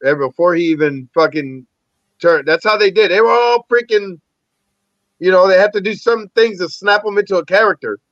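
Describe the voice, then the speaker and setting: A man, an actor and army veteran, telling animated, profanity-laced stories as a podcast guest. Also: sits high, normal speed, no echo. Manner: animated, rambling, heavy swearing. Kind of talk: casual storytelling interview. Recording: dull lo-fi dry recording.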